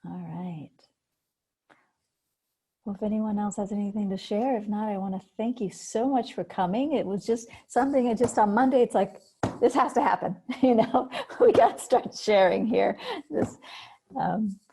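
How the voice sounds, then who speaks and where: A woman's voice: medium pitch, moderate pace, gravelly, warm tone, breathy edge. A woman hypnotherapist hosting a group meeting on a video call, explaining techniques in a casual way. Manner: explains techniques, acts out panicky voices.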